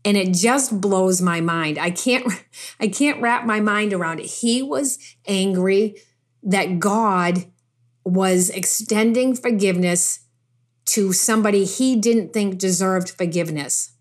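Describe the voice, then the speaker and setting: A woman's voice: medium pitch, slow pace. A woman preaching a sermon in an emphatic, conversational way, repeating phrases for stress and dropping casual asides between scripture readings.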